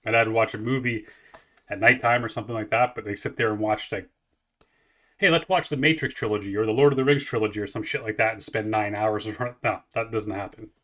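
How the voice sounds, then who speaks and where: Man, 40s, lowish voice, bright and forceful, rambling, profane, casual reaction talk. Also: steady tone, fast talker. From Canada. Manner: rambling, profane, many restarts. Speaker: music reaction host.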